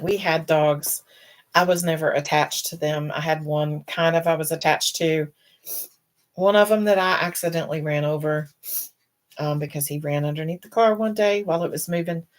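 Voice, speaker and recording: A middle-aged woman hosts her own live-stream, chatting casually in a low, unhurried voice. She rambles from thought to thought, emotional and sounding close to tears.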